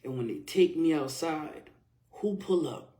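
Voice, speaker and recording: Guy venting his side of the story, kinda high voice, animated and slangy. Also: unhurried. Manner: animated, conversational, uses casual slang. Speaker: vlogger telling his own story. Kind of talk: emotional personal storytelling.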